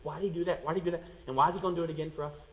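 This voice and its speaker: A man preaching a sermon as a pastor, animated and acting out the voices of people in the story. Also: fairly high pitch, racing, big-room sound, rough recording.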